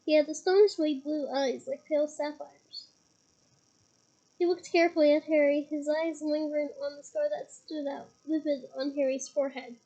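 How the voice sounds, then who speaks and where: A young woman with a head cold reading a novel aloud, telling the story with steady, dramatic emphasis. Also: high-pitched, moderate pace, rough recording. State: head cold, occasional coughing. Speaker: reader.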